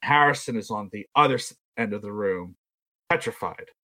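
A young podcast storyteller from South Carolina, with a Southern US accent, tells a casual story in a rambling, self-deprecating way and acts out the voices he quotes. His lowish voice is bright and forceful, at normal speed.

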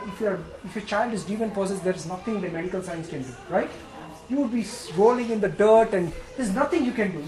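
A man preaching a sermon as pastor. He swings between loud, emphatic exhortation and quiet, intimate storytelling. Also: high-pitched, roomy sound, rough recording.

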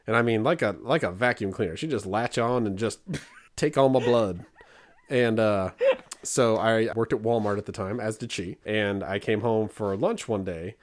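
A man's voice: lowish voice, moderate pace. Thirtysomething guy on a podcast, telling goofy stories, doing little voices for the quotes. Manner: animated storytelling with put-on quotes. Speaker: podcast co-host. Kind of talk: casual comedic chat.

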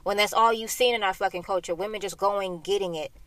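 A woman's voice: medium pitch, fairly quick, a bit bright, no room sound. A young woman from Florida hosting a solo podcast, talking bluntly and heatedly with lots of swearing, recorded inside a parked car. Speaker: podcast host.

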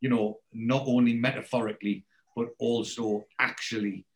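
A man's voice: medium pitch, moderate pace, a little hiss or hum. A man hosting a podcast, recapping a TV episode casually and acting out the characters' lines as he goes. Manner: animated storyteller acting out quoted lines. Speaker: podcast host.

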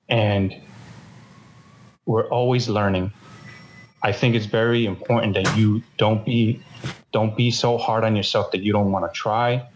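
A man's voice: fairly low pitch, fairly even intonation, measured pace, muffled recording, a little hiss or hum. A man giving earnest advice on fatherhood and faith in casual talk, often repeating words as he searches for them.

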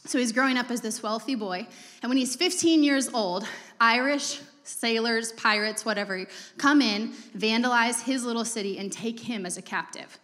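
A young woman delivers a sermon in a loose, conversational manner, full of asides. Her voice sits a little high. The sound carries a long hall reverb. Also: fairly bright tone. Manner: casual, conversational preaching with fillers and asides. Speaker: preacher.

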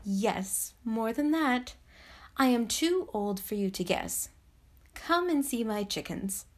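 A woman playing a calm, ancient grandmother. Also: a little high, takes it slowly. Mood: knowing. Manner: calm, knowing, softly amused. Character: mysterious very old gentle grandmother. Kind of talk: storybook reading.

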